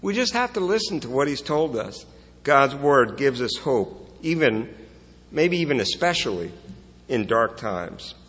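A man preaches a sermon in an earnest, conversational manner, full of rhetorical questions and small restarts. His voice is husky and mid-pitched. It rings out with the long reverb of a church sanctuary. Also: sing-song, a little slow, fairly bright tone. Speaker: pastor.

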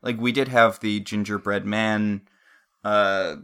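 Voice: medium pitch, fairly even intonation, slow, fairly bright tone, clean tone. A podcast co-host recapping a TV episode in casual chat, rambling and going off on tangents.

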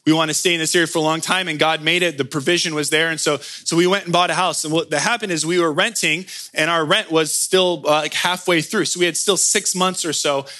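A man's voice: a little high, fairly even intonation. A man preaching a sermon as pastor, telling a personal story with acted-out dialogue and closing in prayer. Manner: slow, soft closing prayer.

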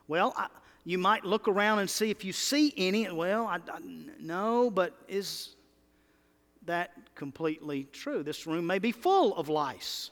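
A man preaching a sermon as pastor, animated and calling out to his congregation. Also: high voice, a little slow. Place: church sanctuary. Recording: long hall reverb.

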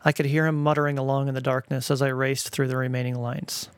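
A middle-aged man reading his own family stories aloud in a wry, gently playful way, recorded close to the mic. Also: medium pitch, flat delivery, fast, smooth, no room sound. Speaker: storyteller, father.

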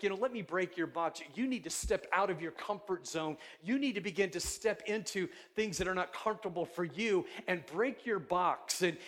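A man with a notably high voice preaches a sermon, earnest and emphatic, and often restarts his phrases as he builds a point. He sounds middle-aged and talks like a pastor speaking to his congregation. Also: fairly bright tone.

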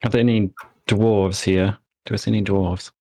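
Low, easygoing man at a tabletop game, recorded dry and close. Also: level tone, normal speed, darkish tone, dry recording. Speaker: player. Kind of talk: tabletop role-play.

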